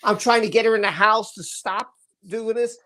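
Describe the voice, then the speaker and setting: Animated man telling a story on a live stream. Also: high-pitched, moderate pace. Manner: animated, acts out the dialogue of others in his story; repeats words and restarts sentences while recounting. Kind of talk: casual first-person storytelling.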